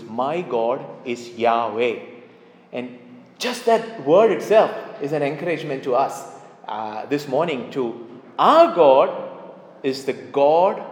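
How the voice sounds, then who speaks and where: A man's voice: a little high, a little mellow. A man preaching a sermon emphatically, repeating key phrases to drive them home. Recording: echoey hall reverb.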